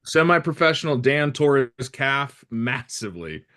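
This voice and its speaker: A man hosts a relaxed morning team meeting over a video call from home. He jokes and teases his coworkers in an upbeat, chatty way, with a mid-range voice. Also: medium pitch, a little fast. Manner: joking, teasing, upbeat. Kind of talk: casual team call chat. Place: home, working remotely.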